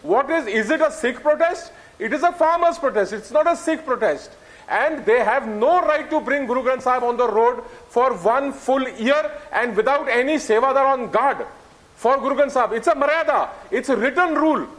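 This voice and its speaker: A man's voice: very high voice, lively intonation, normal speed, fairly bright tone. A man with an Indian accent speaking as a panelist in a televised debate, impassioned and stammering as he pushes into his points.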